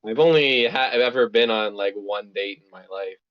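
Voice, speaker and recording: A man on a casual podcast, speaking in a shy, halting way with lots of fillers. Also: fairly low pitch. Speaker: podcast co-host. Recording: slightly dull, lo-fi mic.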